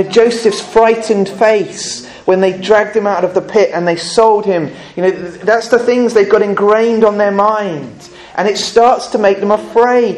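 A man preaching a conversational sermon, earnest, with frequent rhetorical questions to the congregation. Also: high-pitched. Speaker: pastor.

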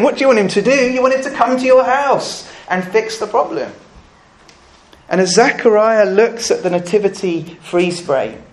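A pastor preaching a sermon, earnest and full of rhetorical questions to the congregation. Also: male voice, sits high.

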